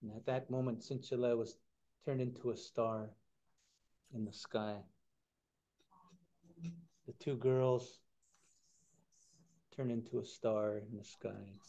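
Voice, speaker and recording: Relaxed male storyteller at a lecture. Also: mid-range voice, slow, long pauses. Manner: relaxed, conversational, acts out the characters. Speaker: guest speaker.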